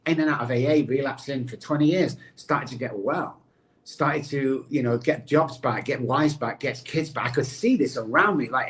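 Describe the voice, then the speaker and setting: A middle-aged man, a podcast guest and addiction recovery expert, telling his own story in an animated way and addressing the host by name. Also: mid-range voice. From England.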